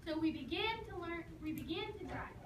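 A woman performing a comic dramatic monologue, telling the story in a sarcastic, animated way. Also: extremely high pitch, brisk. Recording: echoey room, mic far off, noisy.

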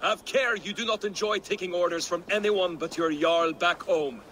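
Curt viking warrior in a game, high sharp voice, some hiss. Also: male voice, normal speed. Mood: defiant. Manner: curt, challenging. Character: defiant male Viking warrior, loyal only to his chief.

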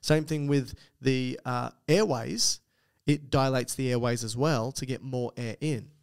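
A man's voice: medium pitch, a little slow, vocal fry, clean tone. A man with an Australian accent co-hosting a podcast, chatting casually, reading out listener emails and explaining things with joking asides. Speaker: podcast co-host.

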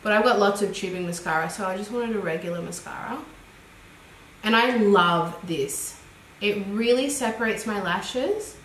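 A woman's voice: medium pitch, normal speed, fairly bright tone. Australian woman, beauty vlogger, chatty, giggly, roomy echo, faint background hiss. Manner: chatty and giggly, thinking aloud. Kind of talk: casual makeup review chat. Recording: echoey room with faint noise.

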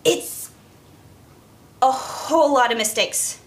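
A woman co-hosting a livestream who speaks as a costume maker, brisk and practical and quick to laugh. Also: high voice. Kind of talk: casual workshop chat.

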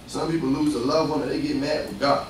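A man preaching a sermon, animated and lively, swinging from loud bursts to hushed asides. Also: medium pitch, fast, noisy background. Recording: echoey room picked up from far off, faint ambience.

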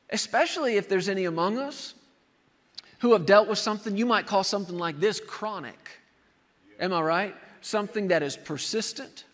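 High-voiced preacher in a reverberant hall. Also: male voice. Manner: animated preaching, acts out scenes with shouted quotes. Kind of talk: sermon.

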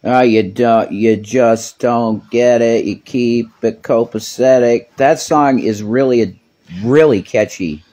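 A man's voice: mid-range voice, takes it slowly, warm tone. A man co-hosting a casual vlog chat, laid-back and swearing casually.

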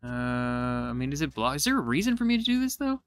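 A man giving casual let's-play commentary, excitable and thinking aloud as he explores, now and then poking fun at himself. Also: medium pitch, a little fast, soft background music. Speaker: gaming YouTuber.

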